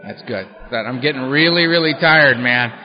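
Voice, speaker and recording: A man's voice: medium pitch, moderate pace. A man giving a recovery workshop talk, telling his own story in a blunt, profane and humorous way, on a dull lo-fi recording. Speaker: workshop speaker at a recovery meeting.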